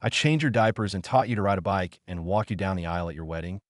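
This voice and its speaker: A man voicing a loving father who speaks tearfully but firmly, read in a dry, lowish voice. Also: fast talker, dry recording, lightly acted. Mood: tender. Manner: tearful, firm.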